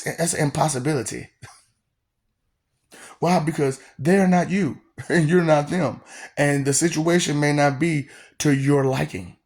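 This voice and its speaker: A man giving a rambling, mocking rant to his audience, laughing often between lines and repeating phrases. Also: on the high side. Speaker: vlogger.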